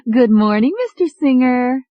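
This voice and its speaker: A male narrator doing a bubbly young secretary, high voice. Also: animated, measured pace, highs cut off. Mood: cheerful. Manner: bright, bubbly. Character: cheerful young female secretary.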